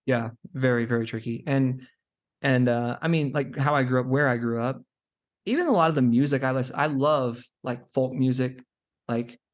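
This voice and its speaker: Young man, podcast guest, casual chat, rambling anecdotes, filler-heavy, middle pitch. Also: normal speed. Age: young adult. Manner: rambling storyteller, many "like" fillers.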